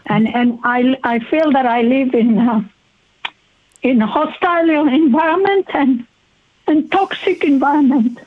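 A woman speaking as a guest in a phone-in radio interview, halting and heartfelt, with many pauses. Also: high voice. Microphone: telephone. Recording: tinny phone line.

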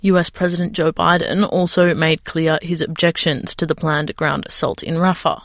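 A male news reporter reading a voice-over in an even, measured way. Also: on the high side, vocal fry, dry recording.

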